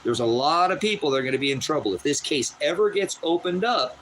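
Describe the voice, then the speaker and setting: Man ranting outdoors about court stuff, swears a lot, repeats himself, voice jumps way up high when he gets worked up, faint car and outdoor noise behind. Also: lively intonation, quick pace, a bit bright, rough recording. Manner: agitated, repetitive, profane, rising to a high strained pitch when upset. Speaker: host of a personal channel. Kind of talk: unscripted personal rant. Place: rural property outdoors.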